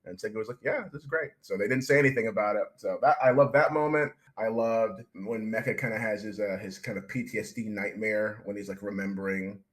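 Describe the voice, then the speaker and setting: A man's voice: on the low side, a little fast, few pauses. A young man, a comic book writer, talking casually in an interview, rambling enthusiastically with many restarts.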